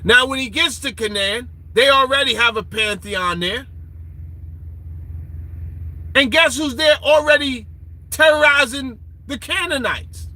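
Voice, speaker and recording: Confrontational man ranting to listeners, bright sharp voice, husky, high. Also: lively intonation, a little slow, rough recording. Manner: confrontational, taunting, quizzes listeners. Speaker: online lecturer. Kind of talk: profane ranting lecture.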